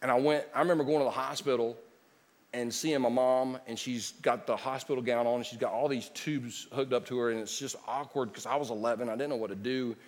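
A man preaching a sermon, moving between loud declarations and quiet storytelling. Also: medium pitch, steady tone, a little fast. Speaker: pastor. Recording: long hall reverb.

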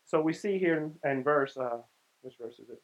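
A man's voice: fairly high pitch, moderate pace, poor audio. A young man giving a casual, conversational sermon and acting out the lines of the people in the story. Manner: conversational, acts out the characters' lines. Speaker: preacher.

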